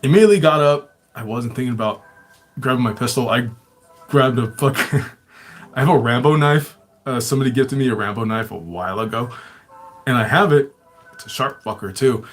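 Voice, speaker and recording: A man's voice: mid-range voice, a little fast, faint music behind. A man hosting a show, telling his own stories casually, swearing constantly and chuckling often. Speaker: show host. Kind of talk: casual storytelling.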